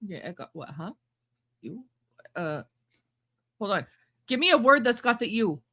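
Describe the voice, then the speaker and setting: A woman's voice: medium pitch, very animated, unhurried, bright, forceful tone. A woman co-hosting a podcast, teasing and laughing through casual banter. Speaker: podcast co-host.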